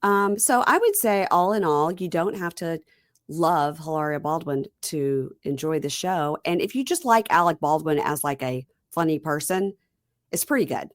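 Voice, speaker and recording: A woman's voice: sits low, lively intonation, normal speed, no room sound, studio quality. A woman hosting a podcast, chatting casually about reality TV and telling stories with quoted voices. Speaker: podcast host.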